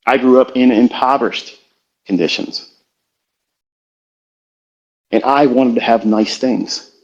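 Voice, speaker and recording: A middle-aged man giving a reflective, confessional motivational talk as a trading educator in a live audio room, slow and halting. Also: medium pitch, fairly even intonation. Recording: slightly muffled online audio stream.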